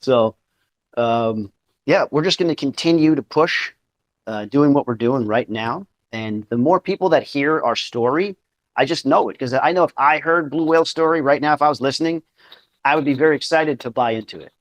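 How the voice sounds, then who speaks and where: A man's voice: mid-range voice, normal speed. A man as guest in a casual talk, earnest and often checking in with "right?". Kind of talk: casual chat.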